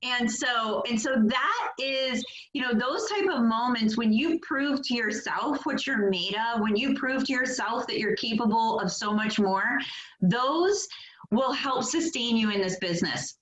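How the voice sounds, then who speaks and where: A woman's voice: on the high side, lively intonation, a little slow, fairly bright tone. A woman directing a sales team on a motivational call, upbeat and chatty, laughing often and using lots of fillers. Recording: echoey, dull lo-fi call audio.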